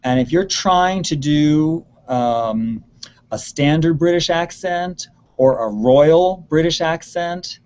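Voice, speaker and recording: A man's voice: fairly high pitch, takes it slowly, darkish tone, muffled recording. Earnest man giving theater advice. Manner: earnest, repeats words for emphasis. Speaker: theater expert answering student questions. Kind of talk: advice in an online Q&A. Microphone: video call.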